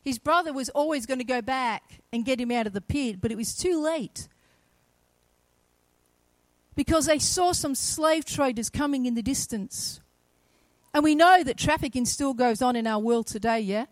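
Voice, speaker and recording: A woman delivers a sermon, retelling a story with dramatic flair and voicing its characters. Her voice sits high. The sound is dry and close, with little room echo. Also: moderate pace. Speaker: preacher.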